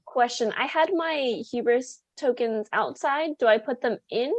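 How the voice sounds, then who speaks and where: A woman player in a tabletop game, easygoing and asking quick questions. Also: fairly high pitch, dry recording. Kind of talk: casual tabletop game chat.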